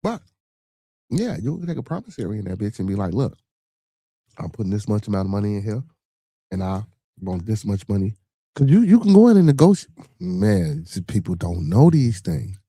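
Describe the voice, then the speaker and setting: A man's voice: lowish voice, dark tone, dry recording, clean studio sound. A man with a Chicago accent hosting a podcast, giving blunt, profane money advice in casual chat and often restarting his words. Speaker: podcast host.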